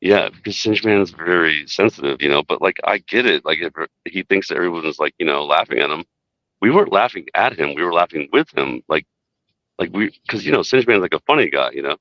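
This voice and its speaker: A man's voice: low voice, animated, fast, no room sound, dull audio. A man telling rambling stories in a casual podcast chat, full of "dude" and "like". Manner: rambling storyteller, says "dude" and "like" a lot.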